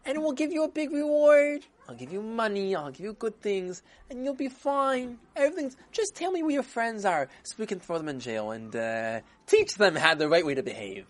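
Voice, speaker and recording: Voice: medium pitch, big pitch swings, normal speed, few pauses, voice pushed up, natural voice. A storyteller voicing a scheming judge in a children's story who coaxes a boy with promises of rewards. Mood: coaxing. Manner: wheedling, coaxing offers. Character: scheming adult man judge, coaxing.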